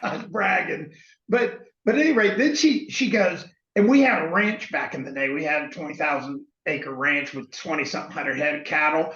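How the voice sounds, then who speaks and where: Middle-aged male guest, high pitch, animated storyteller; echoey, muffled recording. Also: normal speed. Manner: animated anecdote teller, acts out quoted voices. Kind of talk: storytelling in conversation. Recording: echoey, slightly dull sound.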